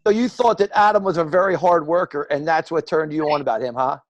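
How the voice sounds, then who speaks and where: Quick-talking eager male guest. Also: on the high side. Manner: eager, encouraging interjections. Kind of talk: casual chat.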